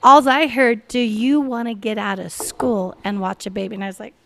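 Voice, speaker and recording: A woman in her forties telling a story on a podcast in a casual, animated way, laughing often and acting out the voices of the people she quotes. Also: a little high, normal speed, creaky. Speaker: podcast guest.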